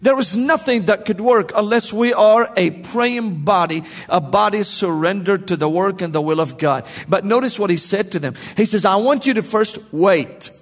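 A man's voice: sits high, normal speed, few pauses, in a large hall. A man preaching a sermon, emphatic and repetitive, asking the congregation questions.

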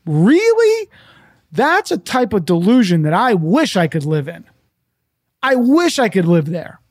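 A man's voice: high voice, a little mellow, dry recording, clean studio sound. A man in a profane, sarcastic monologue, full of repeated rhetorical questions. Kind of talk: ranting monologue.

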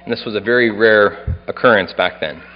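A man's voice: lowish voice, brisk, faint music behind. A man preaching a Sunday sermon as pastor, earnestly reading scripture aloud with some expression. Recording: dull sound with long hall reverb.

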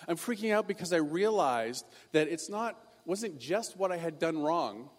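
Animated man preaching in a reverberant hall. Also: fairly high pitch. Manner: animated, self-deprecating storytelling. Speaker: pastor. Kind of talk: sermon storytelling.

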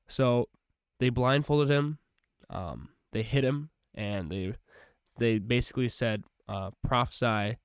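A man's voice: mid-range voice, slow pace, darkish tone, clear, resonant tone, no echo, clean studio sound. A young man hosting a podcast, reading Bible passages aloud and then chatting about them with fillers and self-corrections. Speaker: podcast host. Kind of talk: casual Bible reading and commentary.

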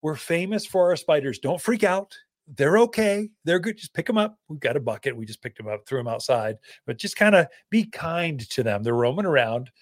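A man's voice: fairly high pitch, expressive, moderate pace, dry recording, studio quality. A man from Arizona hosting a gardening radio show, telling stories in a folksy, casual way with many loose asides.

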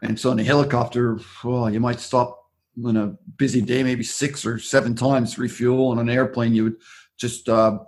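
Australian man, casual interview guest, mid pitch, rambling storyteller. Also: little pitch movement, moderate pace, a little mellow, slight background noise. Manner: rambling, loose storyteller with frequent restarts. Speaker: interview guest, former aerial survey worker.

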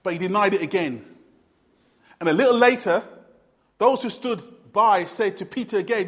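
A man preaching a sermon earnestly, repeating phrases for emphasis and swinging between loud and hushed delivery. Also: sits high, normal speed, long pauses. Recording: long hall reverb.

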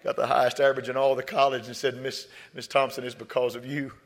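A male preacher, delivering a sermon through stories. He repeats his words and swings from soft storytelling to loud, high exhortation. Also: little pitch movement, fast talker, in a large hall. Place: church.

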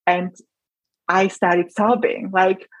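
Husky-voiced woman speaking earnestly. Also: fairly low pitch, little pitch movement, slow, no echo, poor audio. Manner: earnest, emotional, many restarts. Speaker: rheumatologist guest. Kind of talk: conversational interview.

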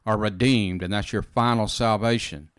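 A man's voice: on the low side, steady tone, normal speed, fairly bright tone, smooth, no room sound, studio quality. A man giving informal, earnest Bible teaching in conversation, repeating phrases and often saying "you know" and "amen".

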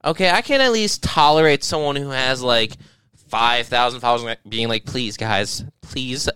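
A man's voice: medium pitch, normal speed, sharp tone, clean tone, no room sound. A young man co-hosting a casual podcast, ranting in a rambling, profane, mocking way. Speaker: podcast co-host. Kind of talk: casual rant.

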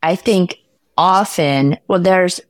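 An emphatic, opinionated woman speaks as a podcast guest in a low voice, hammering each point home by repeating it. Her voice is recorded dry and close, with no room sound at all. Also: takes it slowly, no room sound. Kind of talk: casual conversation.

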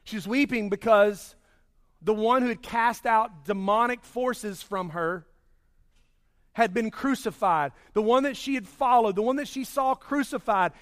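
A man preaching a sermon, swinging between loud emphasis and hushed, slow passages. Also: very high-pitched. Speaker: pastor.

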